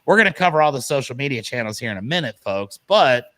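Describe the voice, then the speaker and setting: A man's voice: medium pitch, big pitch swings, fast talker, sharp tone. A man co-hosting an online morning show, chatting casually and telling stories straight to his viewers. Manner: chatty, tells stories and talks to "folks". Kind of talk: casual chat.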